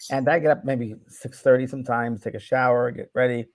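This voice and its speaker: Brief: mid-pitched man, easygoing rambling co-host, dry close sound. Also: a little fast, no room sound. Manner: relaxed, rambling, full of filler words. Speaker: co-host, psychic medium. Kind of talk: casual chat.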